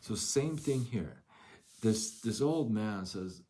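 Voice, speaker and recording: A man's voice: on the low side, animated, takes it slowly, dark tone. A man hosting a live motivational talk, telling a story and asking rhetorical questions. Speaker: host.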